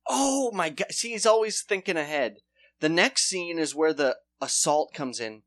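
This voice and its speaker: An animated podcast co-host whose pitch swings all over the place. They recap an old TV show in a loose, comedic way and keep breaking into high-pitched impressions of the characters. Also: normal speed.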